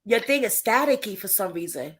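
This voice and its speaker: A woman's voice: mid-range voice, expressive, fairly quick, crowd noise. A woman hosting a livestream, crying and emotional as she talks openly to her viewers in casual chat. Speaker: livestream host.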